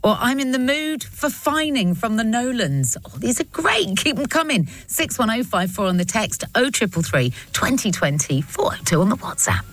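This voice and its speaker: A woman presenting on the radio, playfully reading out listener texts and reacting quickly, into a studio microphone. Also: a little high, no echo. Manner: lively, playful, reads out puns with quick reactions.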